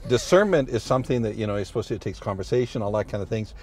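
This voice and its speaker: Middle-aged priest, deep-ish voice, rambling and good-humored, road noise of a moving car behind him. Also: male voice, expressive, very fast. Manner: rambling, many restarts and "you know"s, good-humored. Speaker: priest, interview guest. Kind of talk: casual storytelling chat.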